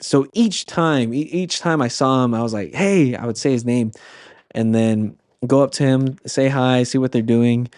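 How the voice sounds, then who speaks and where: A man appearing as a podcast guest, who leads youth camps, earnestly tells a personal story full of restarts and fillers. His medium-pitched voice has a darkish tone and a moderate pace, recorded with clean studio sound and no room echo.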